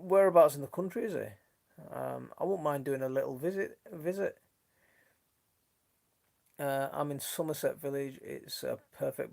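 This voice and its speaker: Gravelly-voiced man with a Yorkshire accent. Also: fairly high pitch, a little mellow. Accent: mixed Leeds and Sheffield. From Northern England. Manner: chatty and friendly, trails off and restarts often. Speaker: gardening channel host. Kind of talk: casual live stream chat, reading out viewer comments. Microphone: phone.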